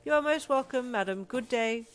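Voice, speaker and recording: A woman doing a prim, high-voiced servant. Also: moderate pace, faint music behind, lightly acted. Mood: formal. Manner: crisp, formal and precise. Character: prim, formal household servant.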